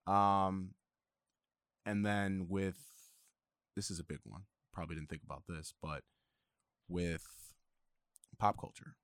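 A man hosting a podcast in casual chat, halting and full of fillers, often restarting his sentences. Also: sits low, flat delivery, a bit bright, clean tone, no echo, studio quality. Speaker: podcast host.

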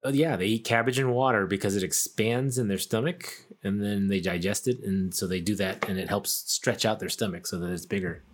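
A man's voice: lowish voice, steady tone, a little fast, few pauses. A young man co-hosting a podcast in casual chat, jokey and explaining things. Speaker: podcast co-host.

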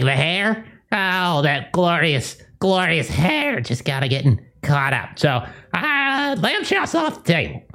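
Low-voiced, animated woman player. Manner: animated, with hesitant fillers and sudden cries. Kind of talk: narrating her character in a tabletop game.

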